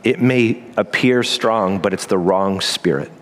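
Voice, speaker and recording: A man preaching a sermon as pastor, earnest and emphatic, with quick asides and slow pauses. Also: on the low side, a bit bright, a little hiss or hum.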